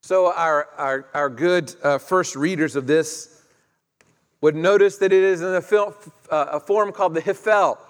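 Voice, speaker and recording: A man whose voice sits on the high side preaches at a measured pace, talking to the congregation conversationally and asking them questions as he retells the story. The echoey hall adds long reverb.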